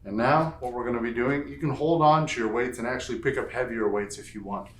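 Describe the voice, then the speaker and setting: A fitness instructor leads a home strength workout, counting reps aloud and tossing in playful asides. His medium-pitched voice is steady and quick, with a little hiss or hum in an echoey room.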